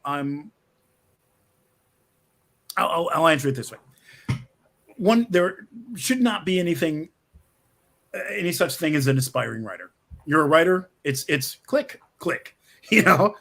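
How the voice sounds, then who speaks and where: A man's voice: fairly high pitch, a bit bright. Rambling middle-aged man telling writing stories. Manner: rambling, with frequent restarts and laughs. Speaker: screenwriter guest. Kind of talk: casual interview talk.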